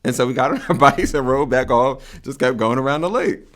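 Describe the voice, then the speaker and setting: A man telling a story casually, full of fillers, getting animated and jumping high when he quotes himself. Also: a little fast. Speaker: community member telling a story.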